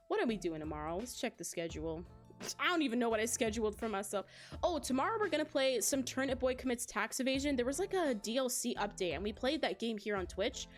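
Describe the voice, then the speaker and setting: A young adult woman streaming, chatting casually with her viewers and telling a story with lots of laughter. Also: fairly high pitch. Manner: animated storytelling, laughs often, addresses chat.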